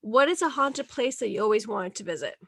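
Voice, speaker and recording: A woman hosting a casual podcast, upbeat and quick to laugh as she leads the segments. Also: a little high, animated, gravelly, husky, dry recording, clean studio sound. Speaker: podcast host. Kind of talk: casual chat.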